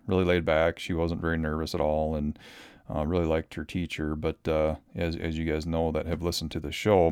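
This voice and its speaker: Podcast host, male, thirties, from Minnesota: deep smooth voice, dry close sound, loose rambling delivery full of ums. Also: darkish tone, dry recording. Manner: rambling, lots of ums and restarts. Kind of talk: casual solo podcast talk.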